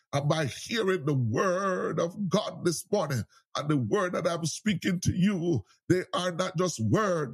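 A man's voice: high voice, slightly rough. A man preaching a sermon with fervent, repetitive exhortations and frequent cries of praise.

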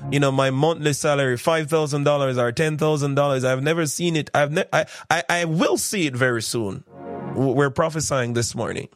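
A man hosting a morning radio devotional, talking in a loose, rambling, preacher-like way. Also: medium pitch. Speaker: radio host and minister.

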